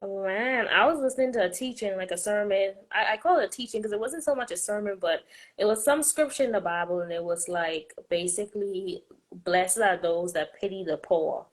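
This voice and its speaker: A woman's voice: mid-range voice, fairly quick. Woman guest, easygoing and chatty, talks faith with her friend. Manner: chatty, calls her host "girl". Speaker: podcast guest. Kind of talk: casual faith chat.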